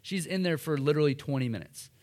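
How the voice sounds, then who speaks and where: A man in his thirties preaching in church, telling a self-deprecating story in a casual, animated way. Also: fairly high pitch, fast talker. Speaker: pastor. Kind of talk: sermon with personal story. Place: church hall.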